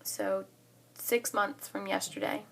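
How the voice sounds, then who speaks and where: Young woman, twenties, casual vlog, chatty, excited, lots of "like". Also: medium pitch, slow, gravelly, a little hiss or hum. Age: 20s. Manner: excited and chatty, heavy use of "like". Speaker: college student vlogger.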